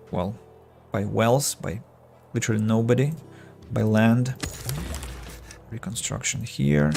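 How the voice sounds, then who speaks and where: A man streaming a game, thinking aloud in halting casual commentary, his voice tired and fading. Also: lowish voice, vocal fry, darkish tone. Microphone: earbuds.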